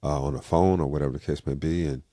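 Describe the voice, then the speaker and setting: Older male interview guest with a very deep voice, recorded dry; tells stories with lively acted-out dialogue. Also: quick pace, no echo. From California. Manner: lively storyteller, acts out quoted dialogue. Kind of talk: casual storytelling interview.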